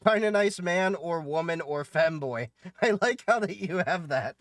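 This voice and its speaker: A man's voice: a little high, expressive, unhurried, fairly bright tone, no echo, clean studio sound. A man streaming a game live, chatting casually with viewers in a joking, talkative way. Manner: joking, chatty, answers viewers and laughs often. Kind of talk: casual live-stream chat while gaming.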